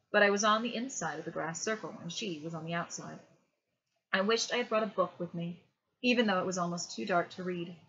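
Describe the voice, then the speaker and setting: A woman reading a novel aloud as a bedtime story, in a hushed, measured way. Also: fairly low pitch. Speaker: reader. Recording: dull lo-fi home recording.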